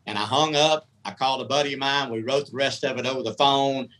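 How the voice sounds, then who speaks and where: A man's voice: mid-range voice, steady tone, fast, a bit bright, low-quality recording. A middle-aged man, telling candid, folksy stories as a podcast guest. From United States. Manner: folksy, candid, rambling storyteller. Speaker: podcast guest, country comedy singer. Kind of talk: casual storytelling.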